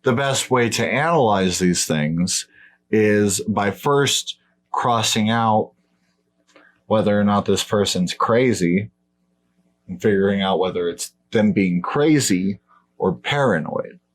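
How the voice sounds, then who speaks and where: A man's voice: fairly low pitch, takes it slowly. A man hosting a podcast in casual debate chat, blunt and profane, dismissing claims outright. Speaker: podcast host.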